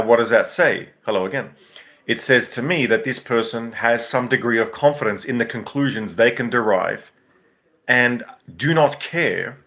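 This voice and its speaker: Bright-toned man musing aloud. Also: lowish voice, vocal fry. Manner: rambling, professorial, explains with asides. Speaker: podcast host. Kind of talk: unscripted reflective monologue.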